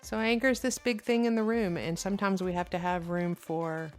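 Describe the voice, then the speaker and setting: A middle-aged woman, a couples counselor hosting a podcast, telling stories in a candid, animated way. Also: on the low side, a little fast, faint music behind. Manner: animated storyteller, candid and expressive. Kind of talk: casual conversational podcast.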